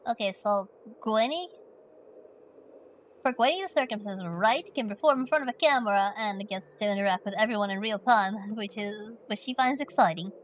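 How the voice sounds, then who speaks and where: A woman talking in a relaxed, casual way, often pausing with "uh" as she goes through questions. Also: mid-range voice, a little hiss or hum, low-quality recording. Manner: relaxed, with frequent "uh" fillers.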